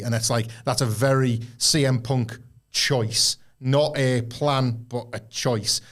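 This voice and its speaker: A man's voice: mid-range voice, steady tone, slow pace. Chatty man, podcast co-host. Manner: chatty, acts out quoted lines with many fillers. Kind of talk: casual chat.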